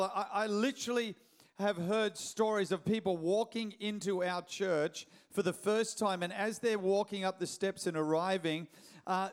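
High-voiced Australian pastor telling a story. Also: male voice, clean tone. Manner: lively, joking, with quick restarts. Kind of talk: sermon storytelling.

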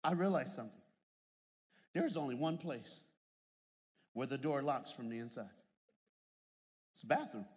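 A man preaching a sermon, building from plain storytelling into shouted, drawn-out fervor, with humorous asides. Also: medium pitch, expressive. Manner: humorous storytelling with put-on voices. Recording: long hall reverb.

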